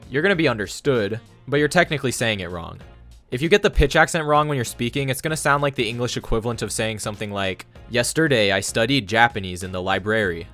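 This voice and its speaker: A man's voice: mid-range voice, a bit bright. A man giving a scripted explainer monologue on language learning, matter-of-fact and confident.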